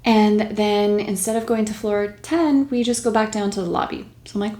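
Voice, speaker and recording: A woman's voice: medium pitch, normal speed, few pauses. Woman telling a story in a roomy echo. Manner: animated retelling with quoted inner thoughts and breathy laughs. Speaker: video host sharing a personal story. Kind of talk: casual storytelling to camera.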